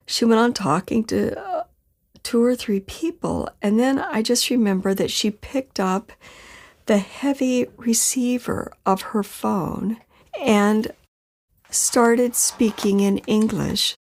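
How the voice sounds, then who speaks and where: A woman's voice: medium pitch, unhurried, creaky, darkish tone. A middle-aged woman earnestly recounting a personal ordeal, acting out the people she met as she tells it. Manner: earnest, emotional retelling with quoted dialogue. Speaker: interviewee recounting her story. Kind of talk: personal storytelling.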